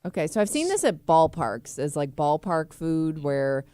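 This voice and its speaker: A woman's voice: low voice, sing-song, normal speed, mellow, clean tone, no echo, clean studio sound. A woman co-hosting a morning radio show, musing in an easygoing way. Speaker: radio co-host. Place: radio studio. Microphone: studio mic.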